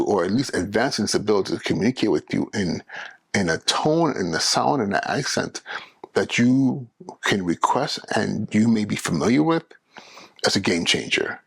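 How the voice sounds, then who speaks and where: A man talks through a casual solo podcast. His voice sits low and gravelly with a husky edge, and he restarts his phrases often, pressing hard on key words. The sound is dry and close. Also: moderate pace, no echo. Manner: animated, restarts phrases, emphatic. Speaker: podcast host.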